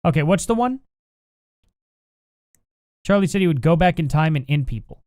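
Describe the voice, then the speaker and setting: A man's voice: a little high, expressive, fairly quick, long pauses, smooth, no echo, clean studio sound. A man hosting a live stream, reading chat aloud and answering it with combative, sarcastic, exasperated rants, plainly angry. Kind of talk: heated live-stream commentary.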